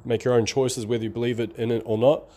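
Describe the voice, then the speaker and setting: Quick in pace but with little pitch movement, the middle-aged online marketing vlogger speaks in a dark, mid-range voice. His accent sits between Australian and New Zealand, he has a slight lisp, and his casual to-camera monologue is drawn out, rambling and candid.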